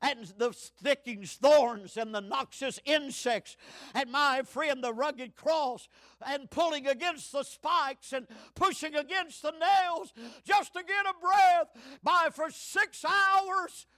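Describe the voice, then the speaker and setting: A man in his seventies preaching a fiery sermon, swinging from shouts to hushed tones. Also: very high voice, takes it slowly. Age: 70s.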